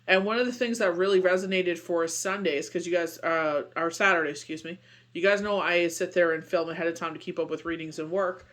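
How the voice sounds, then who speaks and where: Tarot reader, male, high voice, rambling and reassuring, casual. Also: steady tone, brisk, fairly bright tone. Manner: rambling, heavy on "you know" and "like"; earnest and reassuring. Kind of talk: casual daily tarot reading.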